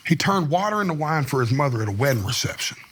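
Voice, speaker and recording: A male guest musician from Tennessee, US, recorded in a podcast studio on a studio mic, tells stories for a casual interview, rambling candidly with slang and lots of "like." His voice is fairly high, swings widely in pitch, moves quickly, and sounds a bit bright and slightly rough.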